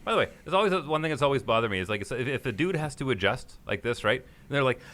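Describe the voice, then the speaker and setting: A man's voice: mid-range voice, animated, fast talker, a bit bright. A man co-hosting a podcast, chatting casually and joking, sometimes slipping into goofy quoted voices. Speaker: podcast co-host. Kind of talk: casual chat.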